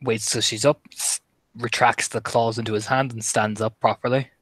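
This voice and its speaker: A man playing a character in a tabletop role-playing game, talking rules quickly and casually. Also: medium pitch, no echo. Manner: animated, laughing, quick rules talk. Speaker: player.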